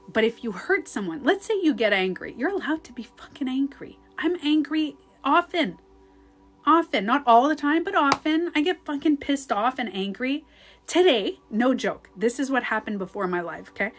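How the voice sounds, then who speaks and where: A woman life coach talking casually into her phone on a live stream at home, animated and swearing freely as she acts out her own outbursts. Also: a little high, normal speed, faint music behind. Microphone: phone on a ring light.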